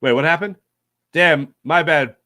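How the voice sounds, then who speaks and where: A man hosts a loose sports talk stream, working through viewer comments with rambling, jokey asides and quick self-corrections. His voice sits a little higher than most men's. The sound is dry and close, with no room around it. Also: bright, forceful tone, no echo. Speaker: sports talk show host. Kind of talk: casual live-stream chat reading viewer comments.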